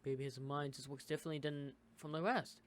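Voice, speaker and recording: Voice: medium pitch, steady tone. American gamer reading a visual novel aloud. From United States. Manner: reads dialogue in shifting character voices with quick asides. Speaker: gaming YouTuber.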